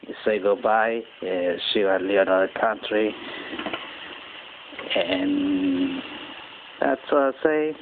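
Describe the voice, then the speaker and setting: A man talks slowly through a rambling personal story in halting English, often restarting his sentences. His voice sits a little low. The audio is tinny and phone-like, with a faint hiss underneath. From Japan. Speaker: channel host. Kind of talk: casual personal monologue.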